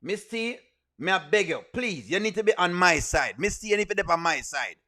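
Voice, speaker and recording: A man's voice: high-pitched, animated, brisk, bright, forceful tone. A man with a Jamaican accent hosting a live reaction stream, playfully pleading with his viewers and laughing often. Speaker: streamer and show host.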